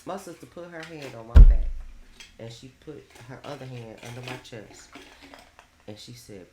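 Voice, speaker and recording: A woman's voice: extremely low pitch, expressive, moderate pace, reverberant, very noisy. A woman telling her story bluntly and animatedly in a candid group chat, swearing freely. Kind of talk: candid group chat about mental health. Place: bedroom with others on a bed.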